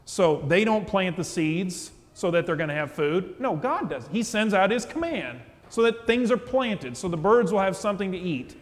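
A man's voice: sits high, very animated, normal speed, few pauses. A male pastor preaching a sermon in a church, chatty and conversational, often putting questions to the congregation. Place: church with pews. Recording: long church reverb.

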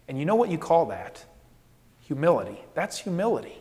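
A man preaching a sermon as pastor, animated, asking rhetorical questions and acting out the people in the story. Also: a little high, a little fast, long reverb tail. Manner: animated, rhetorical questions, acts out quoted voices.

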